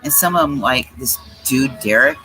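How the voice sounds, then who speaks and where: A woman's voice: very deep voice, animated, moderate pace, sharp tone, poor audio. A woman hosting a tarot livestream, ranting in a blunt, profane, scornful way. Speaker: tarot reader and livestream host. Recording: music playing behind.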